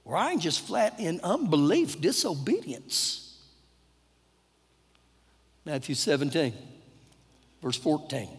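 A man's voice: on the high side, very animated, slow pace, long pauses, slightly rough. A man with a Texan accent, a pastor preaching an earnest, conversational sermon with repeated phrases. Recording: long church-hall reverb.

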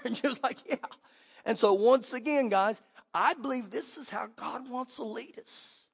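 Middle-aged male preacher, high voice, dramatic sermon storytelling, church hall echo. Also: normal speed, gravelly, slightly rough. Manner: dramatic storytelling, swings from hushed to loud. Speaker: pastor. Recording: long hall reverb.

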